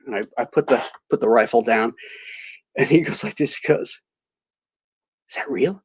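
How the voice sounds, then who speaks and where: A middle-aged man hosting a live stream, telling a rambling story full of halting restarts and reading out chat greetings. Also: medium pitch, slightly rough. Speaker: livestream host.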